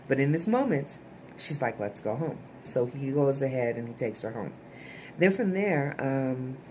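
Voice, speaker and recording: A woman's voice: very deep voice, darkish tone, slight background noise. A woman giving a casual, chatty recap of a TV episode to her viewers, often checking in with "okay?" asides. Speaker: TV show reviewer.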